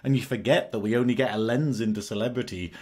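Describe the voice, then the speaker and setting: A man's voice: mid-range voice, quick pace, a little mellow, breathy edge. A man hosting a casual podcast, teasing his co-hosts and laughing often. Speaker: podcast host.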